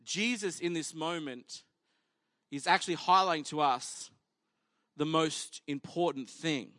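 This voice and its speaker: A man delivering a sermon in a slightly high, forceful and bright voice. He tells the story in a casual, humorous way and acts out each person in it. The sound is dry and close, with no room around it. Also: unhurried, no room sound. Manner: animated storytelling, acting out the people in the story; conversational and humorous. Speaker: pastor.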